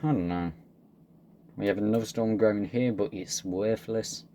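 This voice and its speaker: A man's voice: lowish voice, moderate pace, dark tone, slight background noise. A man giving casual, joking gameplay commentary, laid-back and swearing freely. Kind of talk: casual let's-play commentary.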